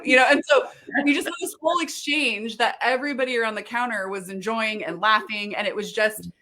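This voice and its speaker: A woman on a video call telling a funny everyday story in casual chat, animated and quick to laugh. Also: medium pitch, a little hiss or hum. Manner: animated, laughing, acts out quoted voices.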